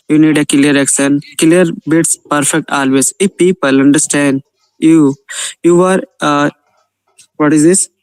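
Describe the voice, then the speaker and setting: Smooth-voiced learner reading aloud haltingly. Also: male voice, a little high, dry recording, low-quality recording. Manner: reads haltingly, with non-native grammar. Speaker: student in an online class. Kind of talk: reading aloud and casual chat.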